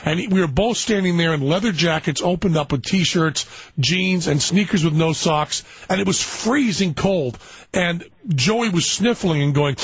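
A man's voice: fairly high pitch, measured pace, husky, dry recording, highs cut off. A man hosting a call-in radio show, chatting in a rambling, anecdotal, jokey way.

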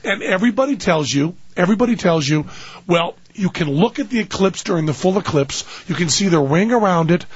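A man hosting a radio talk show, telling a story in a casual way, shouting the lines he quotes and laughing often. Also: high voice, expressive, brisk, breathy edge, no echo, muffled recording.

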